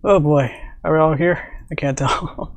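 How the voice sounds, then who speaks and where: A man's voice: on the high side, measured pace. A man streaming live, chatting casually and rambling with lots of fillers and little laughs. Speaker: streamer and animator. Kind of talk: casual livestream chat.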